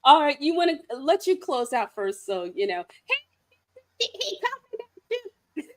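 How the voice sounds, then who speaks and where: A woman's voice: high-pitched, sing-song, unhurried. A woman co-hosting a casual chat podcast who talks playfully and laughs often. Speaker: podcast co-host.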